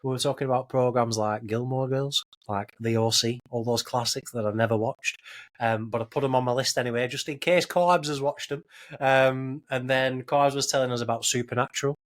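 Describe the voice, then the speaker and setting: Rambling podcast host. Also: male voice, mid-range voice, steady tone, fairly quick. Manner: rambling, repeats words and restarts often. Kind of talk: casual podcast chat.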